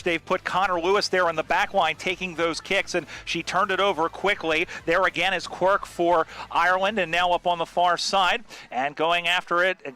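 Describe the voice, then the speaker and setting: Bright, high-voiced male sports caller. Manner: quick, jokey call with frequent uh fillers. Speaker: play-by-play commentator. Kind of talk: live sports commentary.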